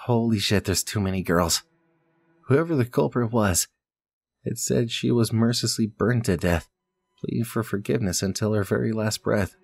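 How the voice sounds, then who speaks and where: A man with a low voice plays through a puzzle game, reading the story text aloud. He breaks off to mutter to himself and curse. His voice sounds dry and close, with no room echo. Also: normal speed, vocal fry, slightly rough. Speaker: let's play gamer.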